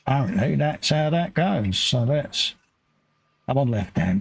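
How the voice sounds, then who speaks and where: A man's voice: mid-range voice, animated, unhurried, creaky, breathy edge. A man chatting casually and joking with his co-host while talking through each step of building a model kit.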